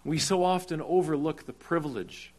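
A man preaching a sermon, deliberate and earnest, slowing down on key words and rising to urgent cries when he stresses a point. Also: a little high, a little mellow. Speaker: pastor.

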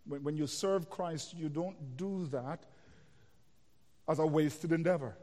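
High-pitched guy preaching, expository and building to big emphatic points, long hall echo. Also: slow, dark tone. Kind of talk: sermon. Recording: long reverb of a large hall.

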